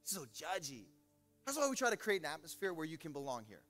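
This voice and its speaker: A man preaching an energetic, joking sermon as pastor, swinging from loud preaching to low asides. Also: very fast. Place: large church hall. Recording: reverberant hall with music.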